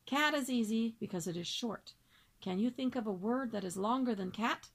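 A stern, brisk schoolteacher from a storybook, her voice pitched well up, loud and emphatic as she barks orders at her class, as a woman reader puts her on. The tone is gravelly and husky. She speaks in commanding exclamations. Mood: testing. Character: stern, brisk female first-grade teacher. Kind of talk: storybook read-aloud.

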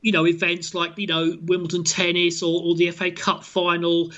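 A man's voice: high-pitched, completely flat delivery, moderate pace, pushed and bright, muffled recording. A man with a British accent, chatting casually as a guest on a sports talk show. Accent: British English. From England. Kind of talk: casual chat.

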